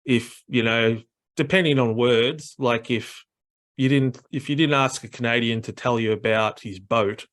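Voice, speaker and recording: A man's voice: mid-range voice, unhurried, fairly bright tone. An Australian man chatting casually, rambling with lots of fillers as he explains things. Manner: rambling, many fillers, mimics other accents. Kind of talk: casual chat.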